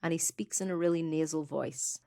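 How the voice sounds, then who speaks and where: A woman co-hosting a podcast, relaxed as she tells researched material in casual chat with some fillers. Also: sits low, fairly quick, creaky, dry recording, clean studio sound. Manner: relaxed storyteller, reading researched notes with fillers. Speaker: podcast co-host.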